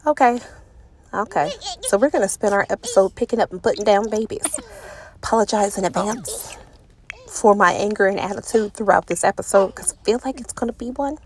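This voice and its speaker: A woman hosting a let's play, commenting on the game in an exasperated, animated way and talking to the characters on screen. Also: mid-range voice, fairly quick, slight background noise. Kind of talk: gameplay commentary.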